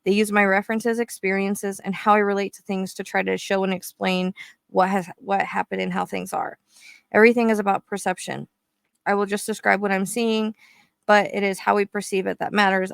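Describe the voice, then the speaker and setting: A woman hosting her psychic channel, talking fast and explaining at length as she reads from her own notes. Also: mid-range voice, vocal fry, no echo. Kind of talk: reading aloud her own notes to camera.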